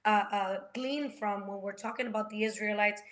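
A woman hosting a faith conversation, animated as she retells scripture stories. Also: mid-range voice, normal speed. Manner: animated, retells scripture with acted quotes and laughs.

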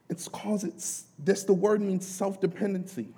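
A man preaching a sermon as lay pastor, animated and conversational, acting out questions to the apostle. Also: high voice, a little slow, breathy edge.

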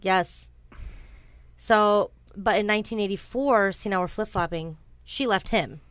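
A woman's voice: medium pitch, a little slow, no echo. A woman casually telling a true-crime story to a co-host, chatty and blunt, swearing freely, with frequent ums and asides. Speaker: podcast host.

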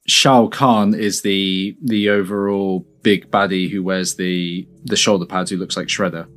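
A man chatting casually while watching a film, animated and quick to laugh, often restarting his sentences. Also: low voice. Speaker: film watch-along co-host. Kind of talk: casual reaction chat over a film. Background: faint film soundtrack music.

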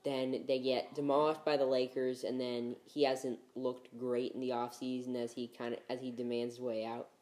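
A man's voice: mid-range voice, little pitch movement, moderate pace, few pauses, darkish tone. Man hosting a sports podcast. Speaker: podcast host. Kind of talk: casual sports chat.

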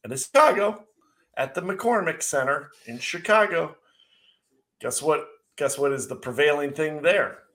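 A middle-aged man co-hosting a casual chat, telling an animated, sarcastic story with mocking asides. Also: a little high, a little slow. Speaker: podcast co-host.

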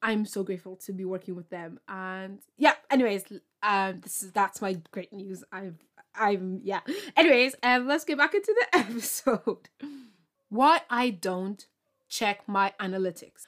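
A young woman talking through her solo podcast episode in a chatty, excitable way. She rambles and bursts with enthusiasm, sprinkling in ums and likes. Her pitch sits in a middle range. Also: measured pace. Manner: bubbly, excitable, rambling with many fillers and laughs. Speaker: podcast host. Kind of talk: casual solo podcast chat.

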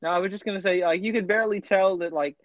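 A podcast co-host with a high, steady voice talks fast, enthusiastically reviewing a TV series in casual chat full of fillers and restarts. It's a dull, lo-fi, dry mic recording.

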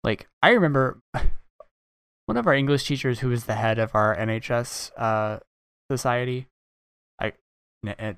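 A man's voice: mid-range voice, fairly bright tone, clear, resonant tone, no echo, studio quality. A young man hosting a podcast, telling stories casually and animatedly with many fillers. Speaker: podcast host. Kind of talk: casual chat.

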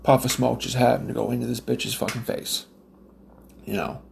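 A man's voice: mid-range voice, flat delivery, normal speed, gravelly, a little hiss or hum. A man from Nova Scotia, Canada, ranting in a casual, profane, rambling monologue with lots of fillers and restarts. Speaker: smoker telling stories.

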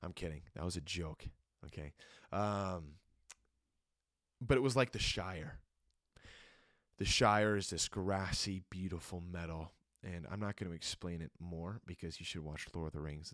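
A man's voice: sits low, measured pace, a bit bright, no room sound, clean studio sound. A young man hosting a solo podcast, telling a personal testimony in an earnest, emotional way with many fillers. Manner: earnest and emotional, many fillers, jokes then turns reflective. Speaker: podcast host.

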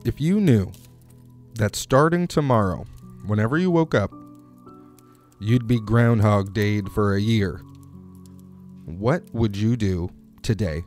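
Wry low-voiced man, rambling comic monologue. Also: slow, pauses often, a little mellow, faint music behind. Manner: wry, digressive, asks the listener questions.

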